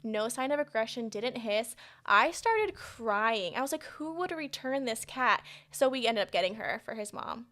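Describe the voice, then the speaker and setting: A woman's voice: a little high, animated, moderate pace, hardly any pauses, fairly bright tone. A young woman co-hosting a casual podcast, talking bluntly and animatedly and swearing freely. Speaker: podcast co-host. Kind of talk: casual chat.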